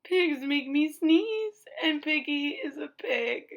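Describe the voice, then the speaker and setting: A woman's voice: high-pitched, lively intonation, dull audio, exaggerated voice. Gerald, a woman doing a fretful elephant. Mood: upset. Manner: slow, halting, prone to sneezing fits. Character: anxious elephant boy, dramatic and worried.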